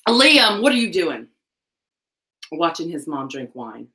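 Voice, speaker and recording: A woman's voice: low-pitched, very animated, slow, bright, forceful tone, poor audio. A middle-aged woman with a Southern US accent, co-hosting a casual live chat show, talking animatedly and laughing often.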